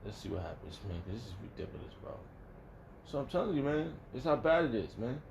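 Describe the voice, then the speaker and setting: A man in the middle of an informal Bible study, circling back and restarting his thoughts as he goes. His voice sits at an ordinary middle pitch, and his speech is blunt and profane, breaking into sudden loud, angry outbursts. A faint hiss of noise runs underneath. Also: very animated, fast. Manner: emphatic and profane. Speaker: religious teacher. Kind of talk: casual Bible study talk.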